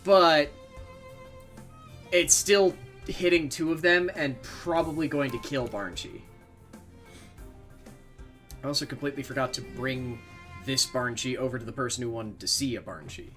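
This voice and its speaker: A man's voice: medium pitch, measured pace, long pauses, a bit bright, soft background music. A man streaming a video game, chatting casually as he plays, rambling and swearing freely with self-mocking asides. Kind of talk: casual gameplay commentary.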